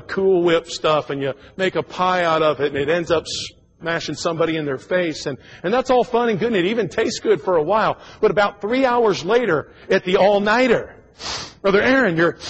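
A man's voice: high-pitched, muffled recording, slight background noise. A man in his forties preaching a sermon in a church, folksy and joking, with frequent stammered repeats. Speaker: pastor. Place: church sanctuary.

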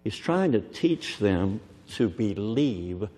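A man preaching a sermon, dramatic and swinging from shouts down to near whispers, who keeps checking that the crowd is listening. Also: on the low side, sing-song, takes it slowly. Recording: long hall reverb.

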